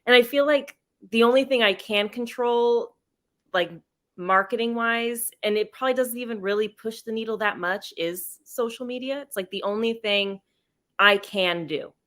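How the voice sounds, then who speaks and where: A woman's voice: fairly high pitch, moderate pace, fairly bright tone. A woman debut author moderating a panel, speaking earnestly and thoughtfully as she poses questions. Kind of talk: casual panel chat.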